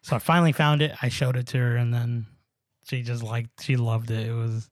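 A man's voice: mid-range voice, level tone, a little fast, no echo, studio quality. A young man co-hosting a casual podcast chat, rambling with lots of fillers and swearing. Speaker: podcast co-host.

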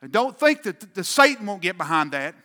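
A man's voice: high voice, big pitch swings, a little fast, sharp tone, big-room sound. A man pastor preaching a sermon with an emphatic, repetitive cadence, speaking in a church sanctuary.

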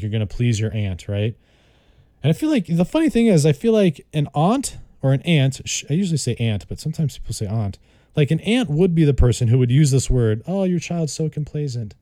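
Mellow chatty man teaching vocabulary. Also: mid-range voice, no echo, clean studio sound. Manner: chatty, repeats and spells out words. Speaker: vocabulary tutor. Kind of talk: casual vocabulary lesson.

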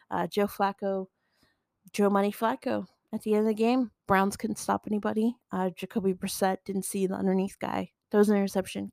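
Gravelly woman recapping football games bluntly. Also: medium pitch, no room sound, studio quality. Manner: blunt, profane, quick asides with laughs. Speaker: podcast host. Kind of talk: casual sports recap.

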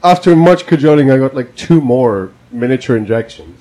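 A young man co-hosting a podcast, telling a story in a casual, animated and profane way. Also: mid-range voice, moderate pace, poor audio. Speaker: podcast co-host.

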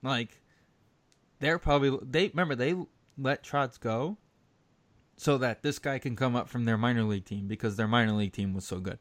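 A man in casual sports chat, telling stories with quick asides. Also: medium pitch, dry recording.

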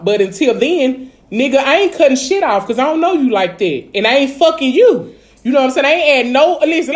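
A woman with a Dallas accent vents in casual chat, her voice sitting fairly high. She talks bluntly and profanely, full of filler phrases, and gets heated. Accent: Dallas, Texas.

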